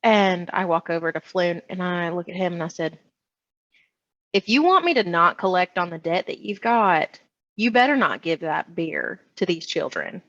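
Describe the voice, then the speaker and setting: A woman playing in a tabletop game, speaking deliberately and asking careful questions. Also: on the low side, expressive, fairly bright tone, no echo. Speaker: player. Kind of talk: casual tabletop play. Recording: dull, dry lo-fi mic.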